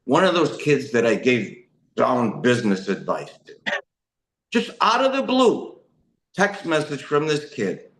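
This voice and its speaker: A man speaks at a middle pitch and tells his own story of addiction and recovery. He is emotional and rambling, full of restarts and fillers. His voice carries a roomy echo. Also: huge pitch swings, unhurried, fairly bright tone. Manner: emotional, rambling, frequent restarts and "you know". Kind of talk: personal testimony talk.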